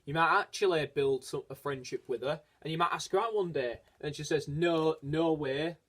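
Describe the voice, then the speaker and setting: A man's voice: on the high side, animated, fairly quick, a bit bright, breathy edge. A man talking casually and earnestly in a vlog, hesitant and rambling, with frequent restarts. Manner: earnest, encouraging. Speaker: vlogger. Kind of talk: casual personal vlog talk.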